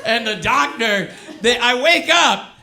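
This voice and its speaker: A middle-aged stand-up comedian telling a story live, dropping to low mumbles and then breaking into high strained yelps. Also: male voice, expressive, a little slow. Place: comedy club stage. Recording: live club recording with crowd noise. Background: audience laughter.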